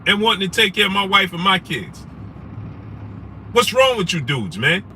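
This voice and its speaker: A sports talk show host with a high voice rants at a moderate pace from inside a noisy car. He's animated during his casual live-stream commentary, reading out chat names and repeating rhetorical questions.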